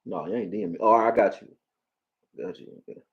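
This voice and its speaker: A man from Philadelphia with a Philly accent, hosting a live football stream, profane and animated, talking back to his chat. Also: lowish voice, quick pace, dull audio. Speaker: sports streamer.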